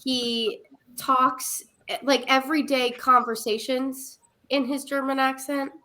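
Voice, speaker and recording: A woman's voice: sits high, flat delivery, slow pace, bright, forceful tone. A woman actor chatting on a theater panel, amused and emphatic. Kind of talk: casual panel chat.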